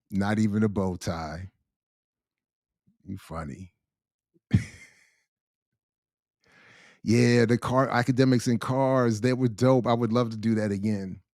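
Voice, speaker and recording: A man hosting a casual livestream chat, animated and slangy, laughing often. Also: medium pitch, no room sound, studio quality. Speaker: host.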